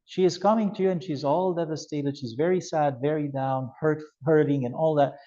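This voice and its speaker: A man's voice: a little high, normal speed. Guy teaching a class, acts stuff out, kinda muffled recording. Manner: animated, acts out scenarios with voice changes. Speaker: youth ministry instructor. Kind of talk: classroom lecture with role-play examples.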